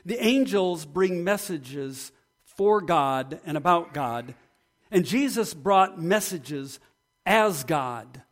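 A man preaching a sermon in an earnest, storytelling way, then leading a prayer. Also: a little high. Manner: earnest, builds to excited storytelling. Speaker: pastor.

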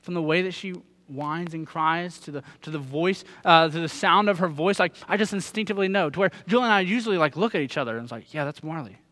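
A man's voice: on the high side, quick pace, few pauses, a bit bright. A man in his thirties preaching a sermon, earnest and putting direct questions to his listeners. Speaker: pastor.

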